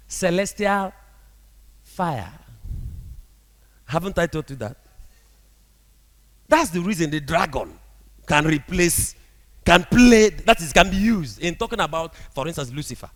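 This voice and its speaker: Animated male preacher in echoing hall. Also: a little high. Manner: animated preaching with frequent rhetorical questions to the congregation. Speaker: prophet preaching. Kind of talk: sermon.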